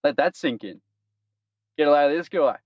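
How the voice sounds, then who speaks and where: A man's voice: a little high, lively intonation, moderate pace, dry recording. Cheeky Australian man hosting a podcast. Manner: cheeky, jokey, laughs at his own puns. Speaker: podcast host. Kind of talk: casual news-roundup chat. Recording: dull lo-fi stream audio.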